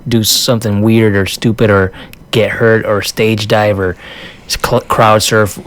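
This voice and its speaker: A man vlogger telling a casual story in an animated way, often laughing and acting out what people said. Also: lowish voice, unhurried. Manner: restarts and fillers, says dude.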